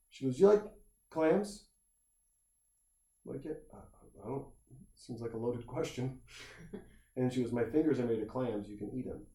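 A man telling a long, animated anecdote in casual chat, acting out the people in it and swearing freely. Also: fairly low pitch. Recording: roomy echo.

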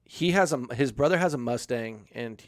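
A man's voice: mid-range voice, animated, moderate pace, dry recording, clean studio sound. A young man telling a casual, profane story on a podcast, acting out quoted lines as he goes. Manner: swears a lot, acts out quotes.

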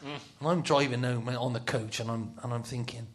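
A man's voice: medium pitch, fairly even intonation, a little fast. A middle-aged man telling football stories in a casual talk, laughing often and dropping to a whisper for his inner thoughts. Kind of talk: casual storytelling on a talk show.

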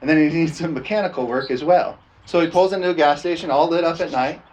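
A man's voice: a little high, fast talker, darkish tone. A man preaching a storytelling sermon in a folksy, laughing way, often tossing "amen?" to the congregation.

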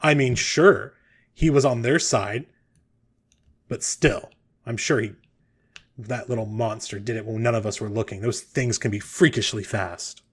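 A man puts on a cranky old man, a former guard who shouts his accusations gruffly across the room. He sounds bitter and sure of himself in this tabletop game. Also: lowish voice, measured pace. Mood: indignant.

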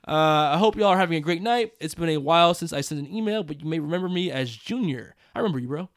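A male podcast host reads listener emails out loud, breaking in with jokes and quick laughs. His voice sits a bit high. The recording is close and dry, with no room sound. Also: animated, no room sound. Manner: reads aloud with joking asides, laughs often. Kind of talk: casual podcast chat.

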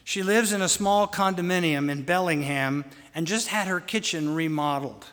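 A man's voice: high-pitched, normal speed. Man preaching with a long hall reverb. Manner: fond, gently humorous storytelling. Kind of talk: anecdotal storytelling sermon.

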